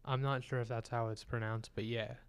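A man with a smooth, clear voice co-hosts a casual film podcast. He tells loose anecdotes and drops dry jokes. His pitch sits in an ordinary middle range. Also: level tone, brisk. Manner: storytelling, joking. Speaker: podcast co-host. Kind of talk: casual chat.

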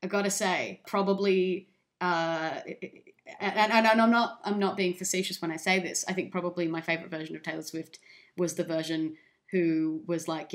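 A woman co-hosting a comedy podcast in casual chat, with wry, deadpan jokes. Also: on the low side, normal speed. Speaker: podcast co-host.

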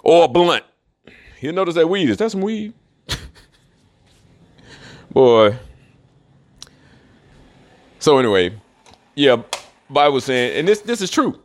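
A man's voice: mid-range voice, big pitch swings, takes it slowly, long pauses. A man in a rambling solo monologue, profane and mocking, who laughs often. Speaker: commentator.

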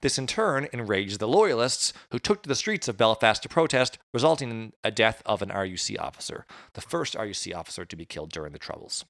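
A man's voice: on the low side, very animated, fast talker, few pauses, fairly bright tone, dry recording, studio quality. A man recounting history in a casual chat, with jokey asides. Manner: conversational storytelling, jokey asides. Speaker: podcast host.

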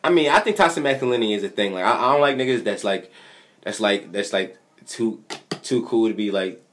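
Fast-talking young man, low voice. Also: animated, a bit bright, a little hiss or hum. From Philadelphia. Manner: fast, profane, joking banter. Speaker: guest rapper. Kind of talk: casual podcast chat.

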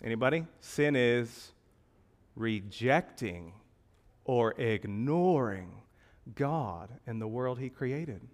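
A male pastor preaching a sermon, asking rhetorical questions and swinging between emphatic, loud lines and hushed ones. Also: mid-range voice, lively intonation, slow pace.

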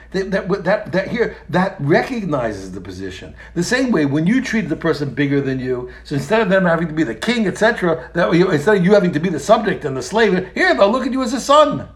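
A man teaching a religious text, talking in an animated, emphatic way and often repeating phrases and restarting. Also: fairly high pitch. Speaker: Torah teacher. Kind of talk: explaining a text in a lesson.

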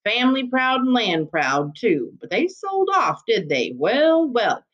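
A woman's voice: mid-range voice, big pitch swings, measured pace, a bit bright, highs cut off. A woman voicing a chatty, folksy small-town male constable with a rural drawl. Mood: amazed.

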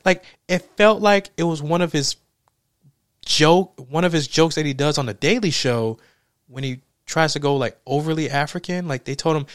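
A man's voice: on the high side, moderate pace, no room sound, studio quality. Exasperated man ranting about a movie. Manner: profane, exasperated, laughs often. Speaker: movie reviewer. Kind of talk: casual film review rant.

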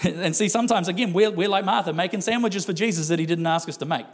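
A man's voice: high-pitched, fast talker. A male pastor preaching a sermon in a conversational way, with laughing asides and acted-out quotes.

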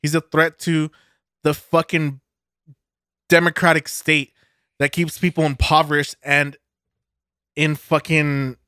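A man's voice: a little high, flat delivery, takes it slowly, long pauses, bright, forceful tone, clear, resonant tone, no room sound, clean studio sound. A man co-hosting a podcast, ranting cynically in casual chat and swearing heavily. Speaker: podcast co-host. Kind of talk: casual profane rant.

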